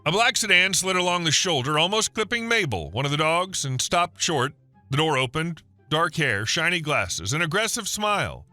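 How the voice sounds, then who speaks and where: A male narrator reads a scripted first-person story in an even, steady storytelling manner. His voice sits somewhat high and sounds very bright. Faint music runs underneath. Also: normal speed, no room sound.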